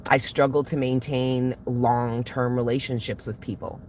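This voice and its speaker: Speaking at a measured pace with very little pitch movement, a tarot reader and channel host vents casually to her viewers. Her extremely low, slightly mellow voice carries blunt, heavy cursing that keeps rising into emotional outbursts, and a faint hiss or hum sits underneath.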